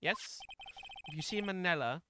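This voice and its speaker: A man's voice: fairly high pitch, animated, moderate pace, bright, forceful tone, a little hiss or hum. A man voicing a haughty, cold female TV producer in a loose put-on French accent, curt and dismissive.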